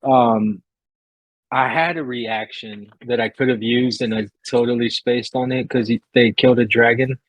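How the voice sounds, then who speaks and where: A man at middle pitch, talking casually through his turn in an online tabletop game. He hesitates often and fills gaps as he thinks. The recording is dry, with no room sound. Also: steady tone, normal speed, no room sound, muffled recording. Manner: hesitant, many fillers. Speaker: player.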